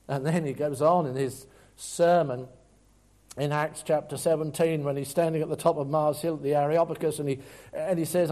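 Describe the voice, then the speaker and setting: Earnest preacher, mellow voice. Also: male voice, on the high side, fairly even intonation, normal speed. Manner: earnest preaching, swings between loud emphasis and quiet asides. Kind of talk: sermon.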